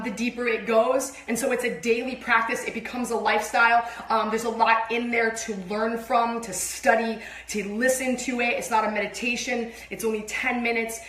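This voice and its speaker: A woman co-hosting a livestreamed spiritual sermon, speaking in an animated, emphatic way and swearing freely. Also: a little high, echoey room.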